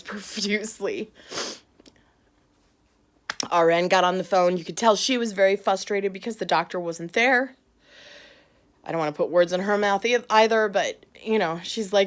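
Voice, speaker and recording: A middle-aged woman, tearful after crying, records an emotional personal vlog about a hard day. She speaks in bursts with nervous laughs, at a medium pitch and normal speed.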